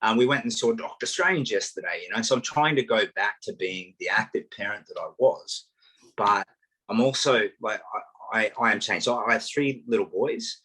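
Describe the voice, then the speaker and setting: Husky low-voiced Australian man. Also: moderate pace, low-quality recording. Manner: animated storyteller, self-mocking humour, acts out voices. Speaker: guest. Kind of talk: casual conversation.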